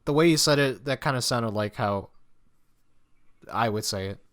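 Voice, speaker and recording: A man's voice: medium pitch, fairly bright tone. A young man from Mexico hosting a casual podcast chat, hesitant and full of restarts. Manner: hesitant, restarts often, quick laughs. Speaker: podcast host.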